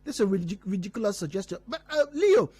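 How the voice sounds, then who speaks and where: Nigerian radio host, lively, measured delivery. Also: male voice, sits high, slightly rough, no room sound. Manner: measured, explanatory, reads listener messages aloud. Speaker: radio talk show host. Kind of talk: call-in radio talk show. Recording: dry studio mic with faint music bed.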